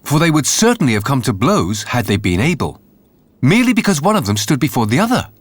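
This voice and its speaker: A man narrating a fairy tale in an animated, expressive way. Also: medium pitch, fast talker, slightly rough. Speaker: storyteller. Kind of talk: storybook narration.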